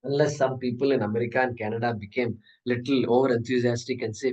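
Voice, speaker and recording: A man's voice: medium pitch, steady tone, fast talker, few pauses, a little mellow, distant mic, muffled recording. A man teaching a scripture class, explaining step by step with rhetorical questions and chanting Sanskrit terms. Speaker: Vedanta teacher. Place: class hall.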